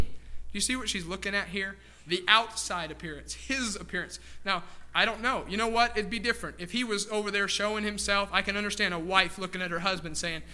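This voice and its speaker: High, sharp-voiced man preaching a sermon. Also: brisk. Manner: emphatic preaching, addressing the congregation as folks. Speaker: pastor. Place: church.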